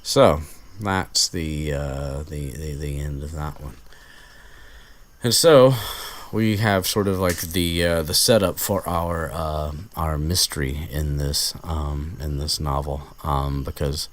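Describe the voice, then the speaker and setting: Casual host, male, low voice, slow and rambling with lots of fillers. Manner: rambling, many fillers and restarts. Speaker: podcast host recapping a book. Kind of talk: casual chat.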